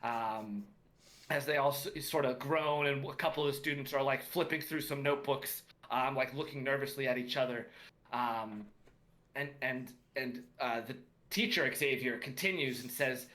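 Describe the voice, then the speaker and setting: Bright-voiced man narrating a tabletop game. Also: mid-range voice, normal speed. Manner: hesitant, many fillers. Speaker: game master.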